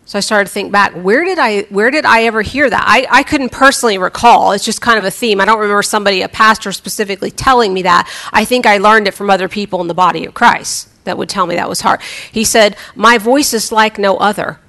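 A woman's voice: mid-range voice, fast talker, gravelly, sharp tone. A woman preacher giving a conversational sermon, chatty and humorous, often restarting her sentences.

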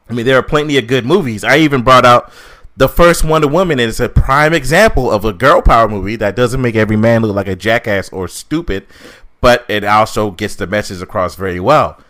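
This podcast co-host is reviewing a film, ranting through casual chat full of swearing and mocking asides. His mid-range voice comes across a bit bright.

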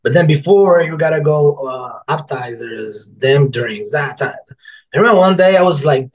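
This low-quality recording features a man with a slightly high voice talking at a moderate pace during a podcast interview about being an author. He rambles loosely, restarts his phrases, and swears without restraint. Animated throughout, he performs quotes from coworkers and customers.

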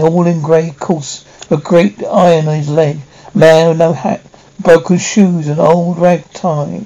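A man reading a classic novel aloud, halting now and then to restart a word. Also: a little high, gravelly, dark tone, poor audio. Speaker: audiobook reader.

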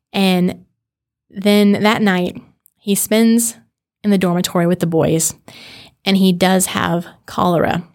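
A woman tells a true story as a podcast host, sounding earnest and conversational. Her voice sits at an ordinary middle pitch for a woman. Now and then she stumbles briefly and restarts, and she adds casual asides to the listener. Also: steady tone, unhurried. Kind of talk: storytelling narration of a true history.

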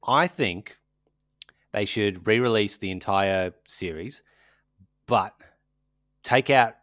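A man's voice: lowish voice, fairly bright tone, no echo, clean studio sound. A man chatting casually as a podcast co-host, rambling and joking, often trailing off mid-sentence. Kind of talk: casual chat.

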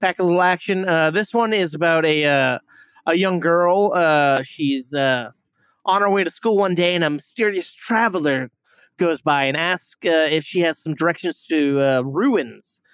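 A man with a fairly high voice hosts a movie review podcast and rambles through a plot summary with plenty of fillers and swearing. His voice is recorded close and dry. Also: moderate pace, fairly bright tone, clear, resonant tone, no room sound. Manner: rambling, profane, many fillers and restarts. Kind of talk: casual movie review chat.

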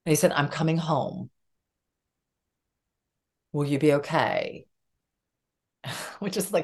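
A woman with a notably low, deep voice talks openly about her own life as a guest on a podcast. She tells it vividly and acts out what others said, switching into their voices as she goes. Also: takes it slowly, pauses often. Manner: animated, acts out quoted dialogue. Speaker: psychotherapist guest. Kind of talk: candid personal storytelling in conversation.

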